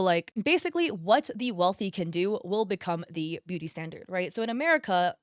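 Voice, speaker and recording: A woman's voice: on the low side, no room sound, studio quality. A woman giving drama commentary, blunt and exasperated, who swears freely and explains at length. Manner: explains at length, rising emphasis. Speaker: commentary youtuber.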